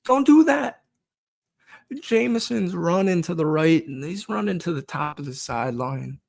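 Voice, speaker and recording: A man's voice: fairly high pitch, animated, normal speed, vocal fry. A young man hosting a football podcast, ranting casually with frustration, swearing and laughing.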